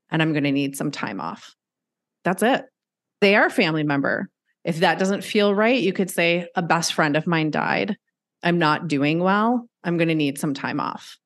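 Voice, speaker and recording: A woman with a fairly low voice talks earnestly in a podcast interview. She tells personal stories and slips into the voices of people she quotes. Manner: earnest, storytelling, acts out quoted reactions. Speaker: podcast guest, grief counselor. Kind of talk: conversational interview talk.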